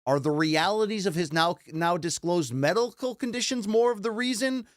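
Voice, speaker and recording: Host, man, animated pitch, dry close mic. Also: moderate pace, dry recording. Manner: asks long questions, lively delivery. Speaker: podcast co-host. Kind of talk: casual sports debate.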